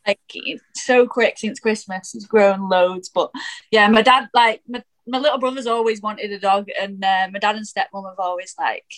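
A woman's voice: medium pitch, moderate pace, a bit bright, poor audio. Chatty, giggly woman footballer guest. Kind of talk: casual interview chat.

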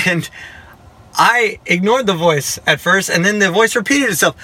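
A man giving a personal Christian testimony, telling it in a lively way, acting out the dialogue and adding self-mocking jokes. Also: high voice, moderate pace. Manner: humorous, self-mocking asides. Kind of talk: storytelling testimony to a listener.

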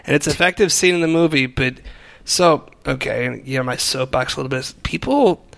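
A man's voice: a little high, moderate pace, creaky, fairly bright tone. A man co-hosting a podcast in a casual movie chat, rambling with restarts and wry jokes. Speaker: podcast co-host.

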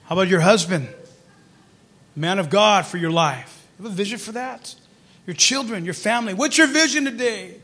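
A man preaching as pastor, telling his story quietly, then building to loud, fervent calls. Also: high voice, animated, moderate pace. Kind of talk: sermon.

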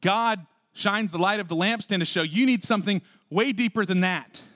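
A man preaching a sermon in a conversational style, asking the congregation rhetorical questions and often dropping to a quiet voice. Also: sits high, moderate pace, no echo, studio quality. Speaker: pastor.

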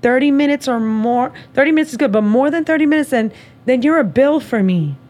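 A woman hosting a podcast, telling a dating story in casual chat, animated and profane, acting out both sides of the conversation. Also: high-pitched, a little fast. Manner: animated, profane, acts out dialogue. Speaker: podcast host.

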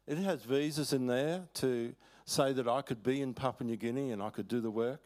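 An older Australian preacher delivers a folksy, story-driven sermon in a church hall. His middle-pitched voice is slightly mellow and moves at normal speed, and he often chuckles and pauses to start his thoughts over.

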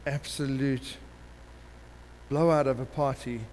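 A man preaching a sermon, telling a parable in an animated way and acting out the characters. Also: medium pitch, takes it slowly. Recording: long hall reverb with faint background noise.

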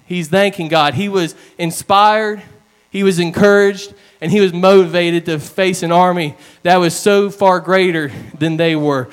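A man's voice: high-pitched, fairly even intonation, a little slow, clear, resonant tone. A man preaching a sermon, retelling stories in an earnest, storytelling way.

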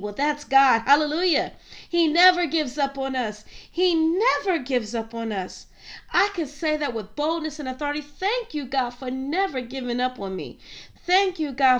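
A woman preaching a sermon, fervent and direct, calling her listeners saints and queens. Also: high voice.

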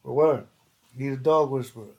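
A man's voice: medium pitch, brisk, dull audio. A man telling stories in casual, slangy, profane chat as a podcast host, acting out other people's lines.

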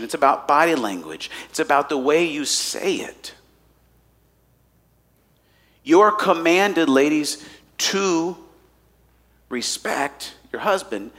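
Lively, bright-voiced male pastor preaching. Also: fairly high pitch. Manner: animated preaching, swinging from hushed to loud. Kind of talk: sermon. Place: church hall before a congregation.

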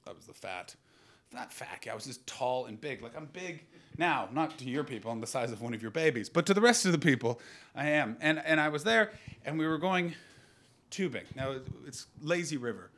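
A Canadian man in his thirties telling a stand-up comedy story and bantering with the audience, swinging from loud outbursts to low asides. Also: lively intonation, fairly quick. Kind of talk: stand-up comedy with crowd work.

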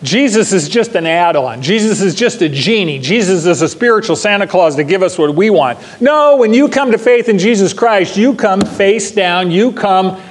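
A man's voice: high-pitched, expressive, normal speed, few pauses, long reverb tail. An older man preaching to a Bible class, emphatic, repeating key phrases and putting questions to his listeners. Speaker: pastor teaching a Bible class. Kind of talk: sermon.

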